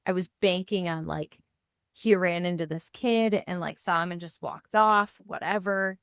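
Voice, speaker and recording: A woman in her thirties, co-hosting a podcast, animatedly tells a personal story in casual chat and acts out the dialogue as she goes. Her voice is lowish, clear and resonant at normal speed, with no room sound.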